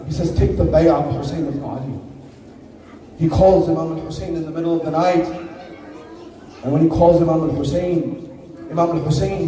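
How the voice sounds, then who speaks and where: A man delivers a mourning sermon from a distant mic, his voice deep and mellow yet pitched a little high. He tells the story in a measured way, repeating key phrases, and a big echoey hall rings around his words. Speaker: majlis speaker. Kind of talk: Muharram sermon narration.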